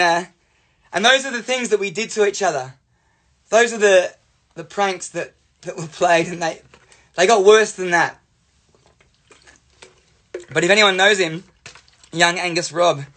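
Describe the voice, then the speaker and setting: Playful Australian man telling a story. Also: on the high side. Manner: animated, playful. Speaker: life coach. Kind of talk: storytelling monologue.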